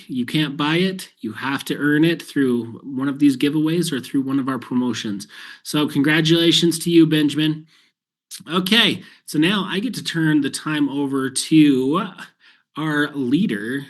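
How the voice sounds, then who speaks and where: A man presenting a company webinar, giving shout-outs in an upbeat, enthusiastic way. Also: on the high side.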